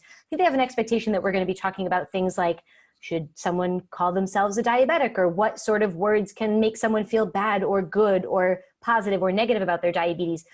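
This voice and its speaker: A woman's voice: medium pitch, a little mellow. A woman hosting a video call chat with a playful, joking manner. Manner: playful and jokey. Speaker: host.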